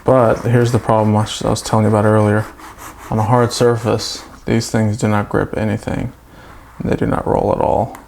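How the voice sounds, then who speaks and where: A man's voice: on the low side, flat delivery, normal speed, vocal fry, darkish tone, a little hiss or hum. A man casually talking through a toy build, chatty with self-mocking asides.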